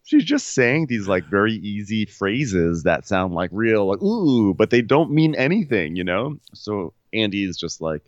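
Podcast co-host, man, swooping expressive delivery, exasperated recap, dry close sound. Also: lowish voice, a little slow, few pauses, no room sound, dull audio. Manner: exasperated, incredulous retelling. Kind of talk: casual comedic recap chat.

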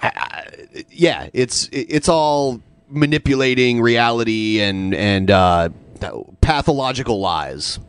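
A man's voice: mid-range voice, slow pace, clean tone. A man co-hosting a podcast, chatting and laughing easily. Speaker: podcast co-host. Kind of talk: casual chat.

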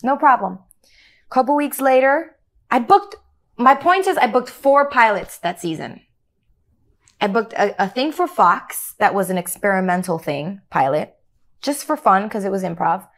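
A middle-aged actress in an interview, telling a story with lively acted-out dialogue and frequent laughter. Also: female voice, medium pitch, measured pace. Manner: animated, acts out quoted dialogue, laughs often. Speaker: actor guest.

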